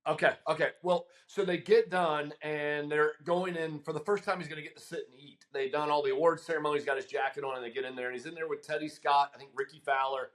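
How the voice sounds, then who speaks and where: A middle-aged man, a guest caddie, telling a long story in casual chat, animated and laughing, with frequent ums. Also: fairly high pitch, quick pace, few pauses.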